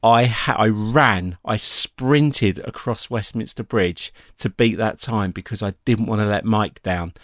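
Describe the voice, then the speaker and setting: A middle-aged man telling a personal story in a casual, animated way, acting out the voices he quotes. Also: lowish voice, unhurried, few pauses, no echo, clean studio sound.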